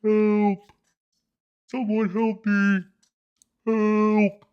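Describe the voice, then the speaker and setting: A tiny frantic mouse cries out in a thin, high squeak, as a man puts him on while telling a joke. The voice sits far above his own and stays soft and breathy, a quick cartoonish bit. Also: monotone, dull audio. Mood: panicked. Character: panicked squeaky male mouse.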